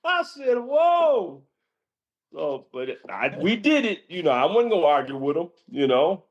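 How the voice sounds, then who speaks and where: An older man, a former college basketball player, telling stories on a call with lively jumps in pitch and frequent laughs. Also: brisk, lo-fi sound. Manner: lively, jumps high when quoting himself, laughs often. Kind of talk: casual storytelling on a call. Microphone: remote call.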